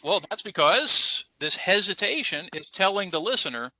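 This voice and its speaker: Male ESL teacher, upbeat coach, bright animated voice, dry close mic. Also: high-pitched, moderate pace, no echo, rough recording. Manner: upbeat, coaching students to repeat. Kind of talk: online class instruction.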